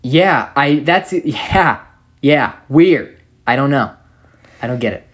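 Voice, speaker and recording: A man's voice: mid-range voice, animated, takes it slowly. A young man co-hosting a podcast in casual chat, opinionated and rambling with lots of fillers. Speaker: podcast co-host.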